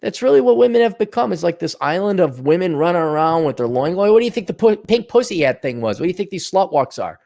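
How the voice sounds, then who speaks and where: A male podcast host talking solo, working through listener donations and veering into profane, sarcastic rants. His pitch climbs and drops all over the place, sitting a bit high for a man. He slips into mocking voices for asides. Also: very animated, fast, creaky, hardly any pauses, a little mellow.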